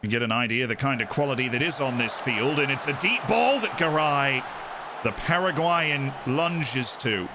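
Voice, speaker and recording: A man putting on an English accent to play an excitable football commentator calling a youth final. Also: medium pitch, normal speed, noisy background, close to an everyday voice. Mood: excited commentary. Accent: put-on English. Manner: loud play-by-play calling, shouts at chances.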